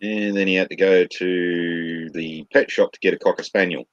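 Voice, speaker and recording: A man's voice: sits low, fairly even intonation, normal speed, no echo. A man telling crude jokes in casual chat, swearing freely. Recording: dull lo-fi stream audio.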